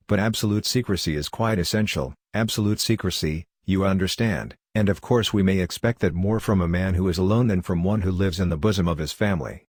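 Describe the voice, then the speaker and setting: Secretive, insistent middle-aged colonel, read by a man in a low, dry voice. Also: dry recording. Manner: insistent, probing.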